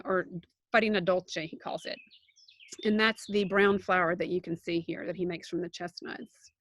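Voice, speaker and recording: A woman's voice: mid-range voice, fairly bright tone, no echo. A woman teaching art history and food, giving a conversational online slideshow lecture with frequent ums and restarts.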